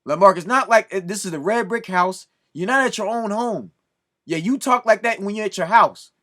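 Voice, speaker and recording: Casting: high-pitched man, preachy scolding video rant. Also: moderate pace, pushed and bright. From Southern California. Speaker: video commentator. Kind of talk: ranting commentary to camera.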